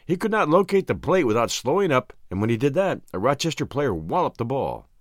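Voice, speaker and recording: Male storyteller, middle pitch, animated delivery, close dry studio sound. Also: fairly quick, no echo. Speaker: audiobook host and narrator. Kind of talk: scripted story narration.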